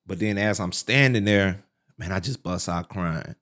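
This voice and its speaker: A middle-aged man, a podcast guest, telling his life story in a casual, animated way, full of fillers like "man" and "like". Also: moderate pace. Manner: relives quotes with sharp pitch leaps.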